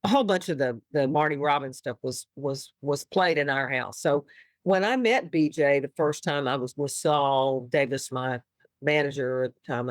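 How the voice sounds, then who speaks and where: Telling stories as a guest in a relaxed interview, a musician from Austin with a Texan accent uses a bass voice, recorded without room sound. She laughs a lot and animatedly acts out the quotes.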